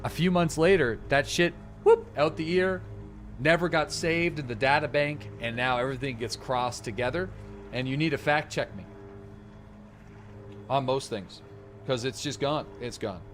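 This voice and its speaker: A man's voice: medium pitch, moderate pace, fairly bright tone, faint music behind. A young man from eastern Canada, rambling and joking through casual live-stream commentary while he plays. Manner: rambling and jokey, with many fillers. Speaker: gaming streamer.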